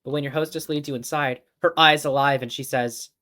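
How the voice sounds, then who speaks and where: A man's voice: medium pitch, fairly even intonation, brisk, pushed and bright. A young man streaming a visual novel, reading the narration dramatically and breaking into laughing jokes. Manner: playful, giggly, breaks off into laughing asides. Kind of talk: dramatic narration mixed with joking chat.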